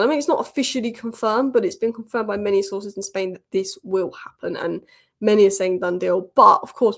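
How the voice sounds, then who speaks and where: A woman hosting a football news channel, giving casual, opinionated commentary with quick asides. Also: mid-range voice.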